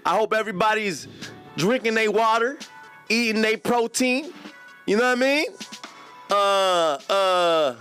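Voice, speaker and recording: Profane, slangy LA podcast host. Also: male voice, high voice, a little slow, pauses often, a bit bright, faint music behind. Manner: casual, profane, laughing, street slang. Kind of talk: live-stream chat reading comments.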